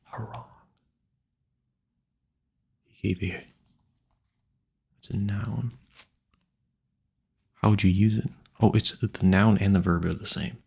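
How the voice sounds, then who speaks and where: Gravelly, husky man rambling casually. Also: lowish voice, darkish tone. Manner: musing aloud, stumbling over hard words. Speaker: audio creator. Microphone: home mic.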